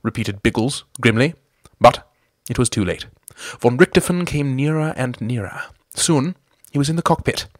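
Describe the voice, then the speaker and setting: A man narrating a comic adventure story in a wry, deadpan storybook manner. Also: medium pitch, normal speed, no room sound, clean studio sound.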